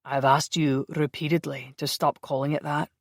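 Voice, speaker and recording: An audiobook narrator voices a surly male Highlander vampire soldier, gruff, bossy, and short-tempered, with a thick Scottish brogue and a low, clipped growl with vocal fry. The timbre differs from the surrounding narration, the tone is level, the pace moderate, and it's recorded dry and close with no echo.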